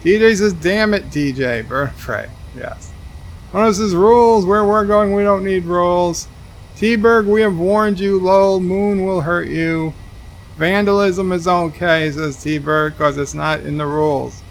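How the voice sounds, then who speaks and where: Gravelly man reading out stream chat. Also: sits high, unhurried, slight background noise. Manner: reads chat aloud, dry asides. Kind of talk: casual livestream commentary.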